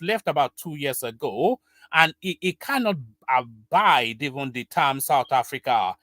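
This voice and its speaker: A male host gives reaction commentary in a musing, hesitant way, full of uhs. His voice sits a little high for a man. The sound is dry and close. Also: a bit bright, no echo.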